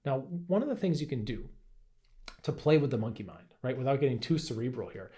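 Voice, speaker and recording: A man's voice: medium pitch, lively intonation, brisk, mellow. A man teaching in a casual, conversational way, often asking "right?" and acting out playful inner voices. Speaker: health and Qigong teacher. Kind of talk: casual teaching talk to camera.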